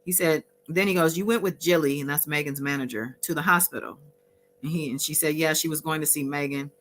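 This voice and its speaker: A woman hosting a casual recap, reading out exchanges from her notes with frequent fillers and pauses. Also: sits low, slight background noise. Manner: reads out courtroom exchanges from notes, pausing with fillers. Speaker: host recapping a court trial.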